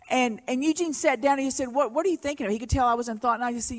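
A pastor's wife co-leading a sermon preaches about marriage in a church sanctuary, telling stories earnestly and from the heart. Her voice is high-pitched and fast with few pauses, and the large hall gives a long reverb.

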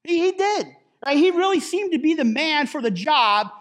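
A man's voice: very high-pitched, animated, normal speed, a bit bright. A man preaching a sermon as pastor in a conversational way, with jokey asides and a habit of adding "right?" after his points.

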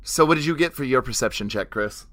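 A man's voice: medium pitch, animated, quick pace, fairly bright tone, dry recording. A man narrating as game master for a tabletop game, casual and full of fillers. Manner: casual, laughing, hesitant fillers.

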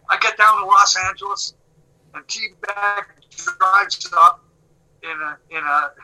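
A middle-aged man telling a long story in casual talk, animated and swearing, acting out what people said. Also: sits high, low-quality recording. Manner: animated, swearing, acts out quotes.

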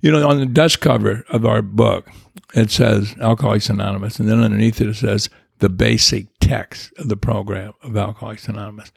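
Older man, gravelly and husky, reflective and rambling in conversation. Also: on the low side, steady tone, fairly quick, no room sound, clean studio sound. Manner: rambling, reflective, with restarts and chuckles. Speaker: guest. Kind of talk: personal recovery story, conversational.

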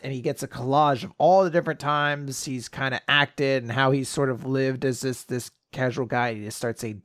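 A man's voice: mid-range voice, steady tone, moderate pace, hardly any pauses, a bit bright, no room sound, studio quality. A young man co-hosting a casual podcast, animatedly retelling a manga chapter and swearing casually. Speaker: podcast co-host.

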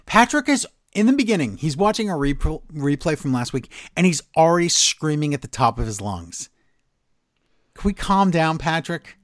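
A man's voice: a little high, very animated, moderate pace, no room sound, studio quality. A man co-hosting a wrestling podcast, ranting in an exasperated, sarcastic way in casual chat. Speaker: podcast co-host.

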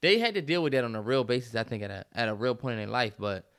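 A man's voice: mid-range voice, fast talker, a bit bright, smooth. A man co-hosting a podcast, emphatic and profane in casual chat, repeating himself as he riffs. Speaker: podcast co-host.

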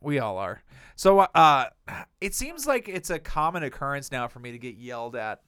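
A man's voice: mid-range voice, big pitch swings, normal speed, fairly bright tone, clear, resonant tone, no echo, studio quality. A young man co-hosting a podcast, rambling through profane stories in casual chat. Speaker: podcast co-host.

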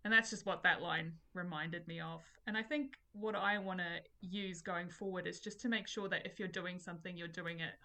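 A woman's voice: fairly low pitch, fairly even intonation, moderate pace, hardly any pauses, sharp tone. A woman co-hosting a book podcast, speaking in a thoughtful, earnest way. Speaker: podcast co-host. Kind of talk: casual chat.

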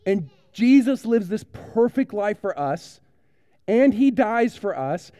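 Animated man preaching to kids. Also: high-pitched, slow, no echo. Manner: animated, playful, direct address to children. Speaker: pastor giving a children's sermon. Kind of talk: sermon storytelling to kids.

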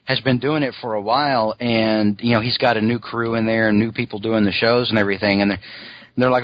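A man's voice: on the low side, fairly even intonation, brisk, dry recording. Man, podcast co-host, rambling casual chat, dry close sound, slightly dull audio. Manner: rambling, full of "you know" asides.

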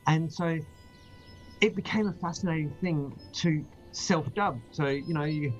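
A man's voice: on the high side, a little slow, highs cut off, faint music behind. A man from Australia, chatting casually on a livestream, rambling with many ums and restarts. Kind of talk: casual chat.

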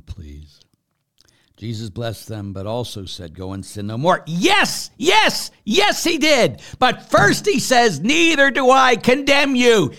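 A man, a priest, answering viewer questions, who moves from quiet conversational reading to loud, emphatic preaching with repeated phrases. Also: on the low side. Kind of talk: live Q&A, reading and answering messages.

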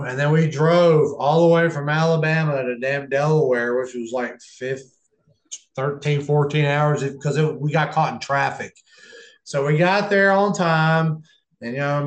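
A man's voice: a little high, expressive, normal speed. A man, a professional wrestler, telling stories in a casual interview, rambling with many restarts. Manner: rambling, restarts, acts out quotes. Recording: echoey room.

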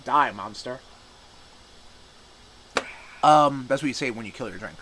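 A man's voice: mid-range voice, fast, a bit bright, slight background noise, poor audio. A man co-hosting a podcast, chatting casually and profanely about gaming news with loose banter. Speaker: podcast co-host.

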